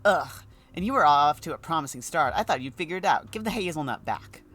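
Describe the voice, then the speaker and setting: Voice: medium pitch, expressive, quick pace, fairly bright tone, faint music behind, pitched above the performer's own voice, lightly acted. A streamer voicing a bossy, mocking child guard who teases an adult and lists things in a sing-song way. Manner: teasing, sing-song listing.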